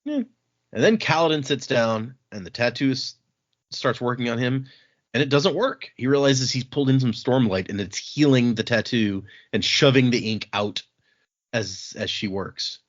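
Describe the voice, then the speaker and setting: Lively man retelling a book chapter. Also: medium pitch, moderate pace, lo-fi sound. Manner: retells scenes, acting out quoted lines. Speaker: podcast host. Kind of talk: casual book discussion.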